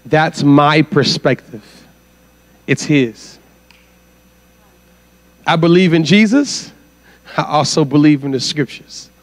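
Speaking slowly with long pauses, a man whose voice is a little high preaches as a guest at a church conference. His sermon leans on rhetorical questions directed at the congregation.

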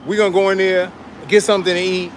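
An upbeat man with a fairly high voice talks to his viewers as he walks a city street. He keeps a loose, chatty flow, recorded on a handheld camera mic, with a faint hum of traffic behind him. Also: level tone, fast talker. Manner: upbeat, addresses viewers as y'all. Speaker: vlogger. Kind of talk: casual walk-and-talk vlog. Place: city street, then inside a restaurant.

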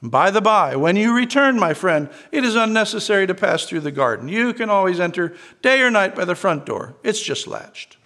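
A man reading the lines of a kindly, forgiving old bishop in a gentle, unhurried way. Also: sits high, big pitch swings, exaggerated voice.

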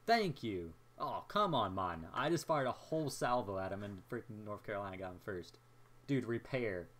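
Excitable young man narrating his gameplay. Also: fairly low pitch, normal speed. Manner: excitable, jokey, talks to himself while playing. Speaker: gameplay commentator. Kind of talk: casual gameplay commentary.

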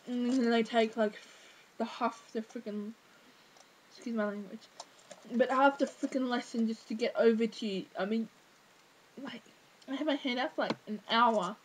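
Teen girl, exasperated, rambling fillers, casual vlog rant, fairly high pitch. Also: fairly even intonation, a little slow, long pauses, slight background noise, poor audio. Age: teens. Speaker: vlogger.

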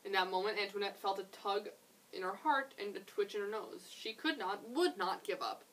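Young woman, children's librarian, expressive read-aloud, a bit off-mic, faint hum in the library. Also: mid-range voice, normal speed, recorded from a distance, rough recording. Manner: gentle, expressive, chatty asides. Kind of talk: reading a picture book aloud.

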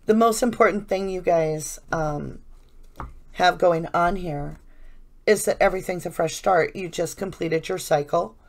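A woman's voice: lowish voice, measured pace, vocal fry. A woman giving a casual, effusive tarot reading, chatting and rambling to her viewers. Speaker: tarot reader.

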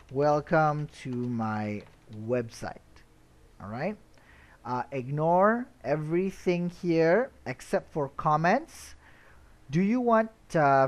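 A man explaining website setup step by step in a screen-recorded tutorial, relaxed, with frequent "uh" and "all right?" checks. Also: fairly high pitch. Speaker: web tutorial instructor.

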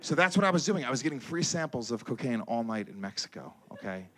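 A male stand-up comedian working a live set. His delivery is crude and animated, and his pitch swings widely as he jumps into shouted impressions. It is a mid-pitched voice with a loose, storytelling rhythm. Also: fast, very noisy. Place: comedy stage before a live audience.

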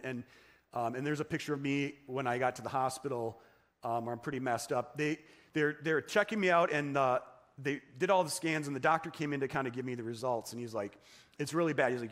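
A man's voice: medium pitch, fairly bright tone. A man preaching in church, telling his own story in a conversational way, with many fillers and restarts. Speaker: pastor. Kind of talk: sermon testimony. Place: church sanctuary.

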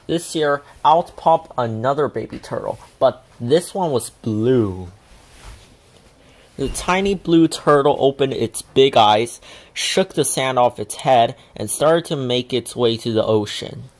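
A man reading a children's picture book aloud in a slow, deliberate, gentle way. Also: mid-range voice, animated. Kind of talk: storybook read-aloud.

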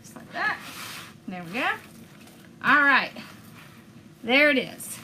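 Upbeat crafty lady narrating her steps, bright voice, bit of faint room hum. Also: high-pitched, very animated, takes it slowly. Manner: chatty, enthusiastic, talks viewers through each step. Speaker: craft video host. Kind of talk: casual crafting demonstration.

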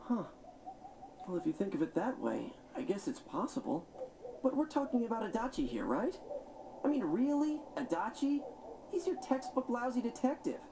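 A woman's voice: fairly high pitch, sing-song, moderate pace, background noise. An actress voicing a frank, doubtful teenage schoolgirl in a video game, with game music behind her.

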